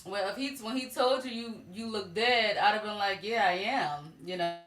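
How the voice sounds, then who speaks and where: A woman's voice: mid-range voice, moderate pace, fairly bright tone, reverberant, rough recording. A woman in casual chat on a livestream, quirky and using self-deprecating humor.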